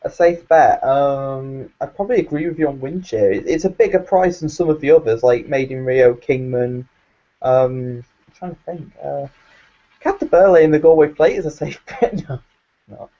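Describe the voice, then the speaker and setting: A man's voice: on the high side, expressive, normal speed, dark tone. A man on a casual chat panel who gives brief, dry replies. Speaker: panel pundit. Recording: muffled lo-fi recording.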